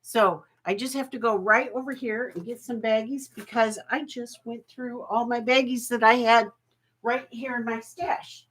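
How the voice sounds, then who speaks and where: A woman's voice: a little high, steady tone, moderate pace, fairly bright tone. A woman hosting a live jewelry auction stream, chatty and folksy, laughing often and getting emotional.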